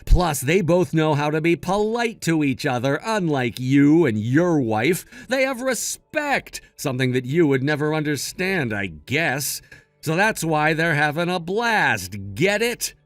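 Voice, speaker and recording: A man's voice: on the high side, big pitch swings, unhurried, no echo. A man voicing a level-headed, protective son in a read-aloud text-message story, firm and matter-of-fact. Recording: dry close mic with faint music.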